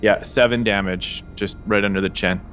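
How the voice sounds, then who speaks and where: A man's voice: on the low side, fairly even intonation, moderate pace, a bit bright, faint music behind. A man player in a tabletop game, narrating his moves matter-of-factly.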